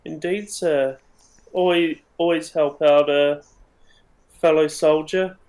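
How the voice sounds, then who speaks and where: A man's voice: on the high side, steady tone, slow pace, a little mellow. A man playing a dutiful female trooper. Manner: polite, eager to please.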